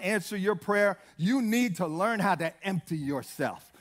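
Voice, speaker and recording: A man's voice: sits high, animated, unhurried, few pauses. A man preaching a sermon in an emphatic, repetitive way, calling out hallelujah.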